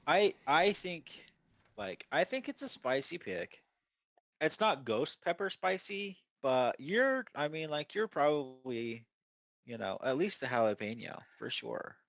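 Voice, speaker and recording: A man's voice: on the high side, big pitch swings, measured pace, creaky, fairly bright tone, no echo, muffled recording. A man co-hosting a casual wrestling chat, rambling with lots of fillers and restarts. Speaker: podcast co-host.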